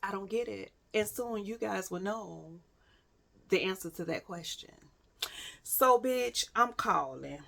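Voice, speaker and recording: A woman vlogger telling a story to her viewers in a casual, profane, animated way, repeating phrases for emphasis. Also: medium pitch, vocal fry. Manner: addresses listeners directly, dramatic pauses.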